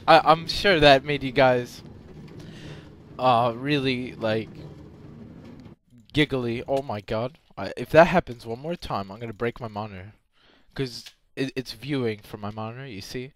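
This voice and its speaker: A young man giving game commentary, excitable, often yelping and screaming when in danger. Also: mid-range voice, measured pace, a little hiss or hum. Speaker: gameplay commentator.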